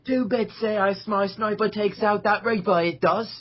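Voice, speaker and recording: A man's voice: sits high, steady tone, normal speed, dull audio, pitched above the performer's own voice. A man putting on a cocky British soldier with an exaggerated fake Cockney accent, tagging his lines with "we do". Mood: gung-ho. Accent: put-on Cockney, American imitation. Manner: hammy, tags sentences with "we do".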